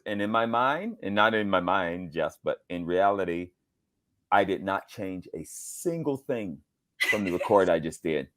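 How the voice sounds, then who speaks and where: A middle-aged man from Georgia, a voice actor being interviewed, telling animated stories and acting out quotes in different voices. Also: low voice, moderate pace. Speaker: voice actor guest. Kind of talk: casual interview storytelling.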